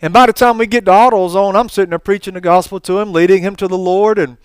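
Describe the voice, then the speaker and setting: A man preaching a storytelling sermon, folksy and animated, with asides and laughs. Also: sits high, fast talker, clear, resonant tone, dry recording.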